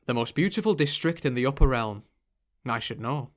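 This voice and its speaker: A man's voice: mid-range voice, expressive, normal speed, lightly acted. A man voicing a kindly older male angel boatman with a Yorkshire accent, chatty and folksy.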